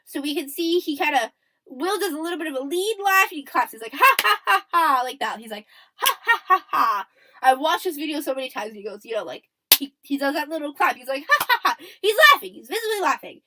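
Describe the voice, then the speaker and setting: A young woman talks through her podcast in a casual, chatty way. Her voice sits high and swings widely as she acts out quotes and keeps checking in with her listeners. She sounds like someone recapping events for friends. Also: animated, fast, heavy background noise. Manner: chatty, checks in often with "okay?" and "right?"; acts out quoted lines and laughs. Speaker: podcast host.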